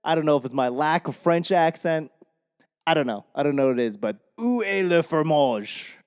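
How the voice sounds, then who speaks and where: Rambling Boston man, smooth voice. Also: a little high, brisk, in a large hall. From Boston, Massachusetts. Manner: rambling, self-mocking, swears freely. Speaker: podcast host. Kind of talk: casual comedic monologue. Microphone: podcast microphone.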